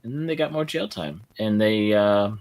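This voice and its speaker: A man's voice: fairly low pitch, lively intonation, normal speed, creaky, a little mellow. A man co-hosting a podcast in casual chat, telling a rambling story. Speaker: podcast co-host.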